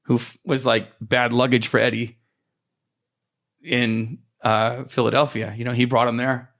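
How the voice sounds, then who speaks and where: Male guest storyteller with a fry-edged, mid-pitched voice, loose and rambling delivery. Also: level tone, unhurried, fairly bright tone. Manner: rambling anecdotes with many fillers. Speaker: podcast guest. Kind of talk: casual storytelling.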